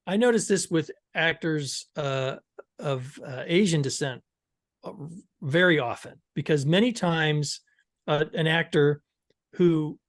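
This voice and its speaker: A man's voice: a little high, slow pace, dry recording, studio quality. Curious man asking questions in casual chat. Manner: curious, questioning, laughs easily. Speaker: podcast co-host. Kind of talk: casual discussion.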